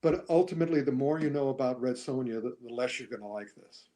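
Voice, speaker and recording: A man's voice: medium pitch, fast talker, dark tone. A man who is a guest author on a podcast, chatting casually with dry, wry sarcasm. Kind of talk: casual chat.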